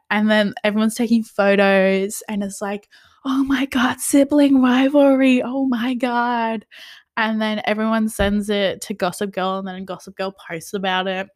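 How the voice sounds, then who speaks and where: A woman's voice: medium pitch, a bit bright. A young woman recapping a TV episode in a casual rant, full of "like", swearing, and drops into whispers of disbelief. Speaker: TV recap vlogger.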